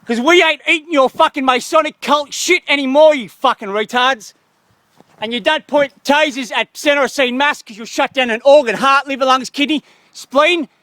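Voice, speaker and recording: A man's voice: very high-pitched, normal speed, bright, forceful tone, no room sound. An Australian man in a heated street argument with police, ranting angrily and swearing a lot. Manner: angry, profane ranting. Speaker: member of the public confronting police.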